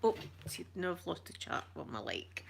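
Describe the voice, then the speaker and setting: Scottish woman, live-stream chat, whispers and soft talk, casual, says wee. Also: fairly low pitch, very animated, fairly quick, gravelly, breathy edge. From Scotland. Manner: chatty, slipping between whispers and soft talk; uses Scottish words like wee.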